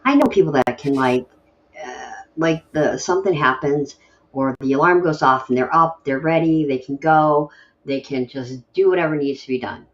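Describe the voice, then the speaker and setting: Low-voiced, grumbly woman host. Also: normal speed, dull audio. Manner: rambling, grumbly, self-deprecating. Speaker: host of a poetry stream. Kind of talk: casual chat.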